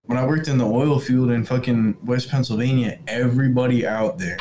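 A man's voice: mid-range voice, fairly quick, a crowd in the background, rough recording. A young man in casual podcast chat over a video call, blunt and bragging, swearing freely.

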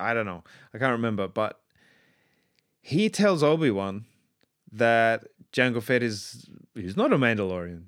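A man's voice: mid-range voice, lively intonation, unhurried, no echo, studio quality. An Australian man reviewing a show in a rambling, enthusiastic casual monologue full of ums and restarts. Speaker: pop culture commentator.

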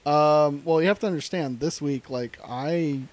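Man, blunt podcast co-host, fairly high voice. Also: measured pace, no room sound. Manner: laughing, blunt, profane. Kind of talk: casual chat.

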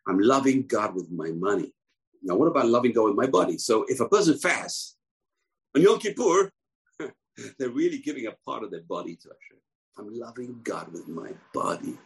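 A man teaching a Torah class, emphatic, repeating key phrases and rising to shouts. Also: mid-range voice, vocal fry, slightly rough, low-quality recording.

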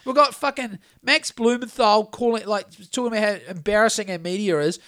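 A man's voice: sits high, fairly quick, a bit bright, clean tone. A man with a New Zealand accent, co-hosting a podcast in a heated, profane rant. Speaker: podcast co-host.

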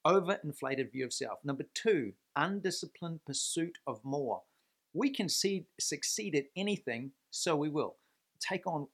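Earnest, emphatic man giving a faith talk. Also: medium pitch. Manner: earnest, emphatic, asks rhetorical questions; stresses points by repeating words. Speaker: Christian leadership speaker. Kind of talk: faith-based leadership video talk.

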